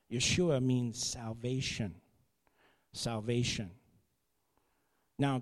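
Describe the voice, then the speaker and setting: Animated male preacher in a hall. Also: on the high side. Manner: animated preaching, swings between loud declarations and quiet asides. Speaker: pastor. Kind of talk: sermon.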